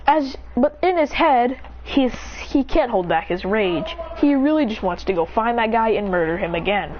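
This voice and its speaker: A woman narrating an improvised story in a rambling, breathless way, jumping up in pitch to voice the characters. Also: animated, moderate pace, lo-fi sound, slight background noise.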